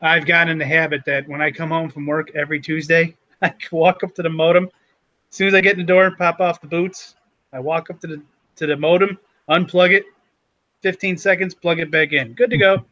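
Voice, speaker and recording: A man co-hosting a casual livestream chat, relaxed and chatty. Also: fairly high pitch, fairly quick, no echo. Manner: relaxed, chatty, laughs easily. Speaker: co-host of a livestream show. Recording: dull, dry lo-fi stream audio.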